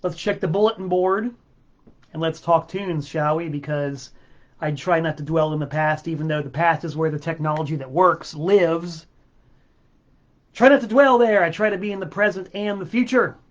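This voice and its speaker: A man's voice: a little high, fairly even intonation, moderate pace, highs cut off. A man hosting his own music livestream from a home studio, ranting with exasperated, sarcastic swearing. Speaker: host of a music livestream show. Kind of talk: livestream rant. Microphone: webcam mic.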